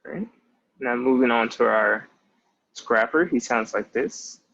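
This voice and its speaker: Over muffled lo-fi audio, a twentysomething male language tutor explains a casual lesson step by step, often beginning with "so" and "basically." His medium-pitched voice is a little slow, a bit bright and husky, with vocal fry.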